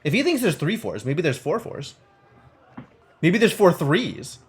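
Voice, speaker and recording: A man's voice: a little high, very animated, unhurried, faint music behind. A male game streamer reading a text game aloud and thinking through it, playful and wry, with casual commentary.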